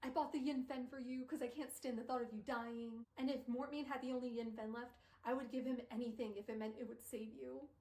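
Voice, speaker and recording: A woman's voice: a little high, fairly even intonation, a little fast, few pauses, warm tone, natural voice. A woman reading as a panicked, guilt-ridden young man. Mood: desperate. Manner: loosely paraphrased dialogue with fillers. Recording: roomy sound from a distant mic.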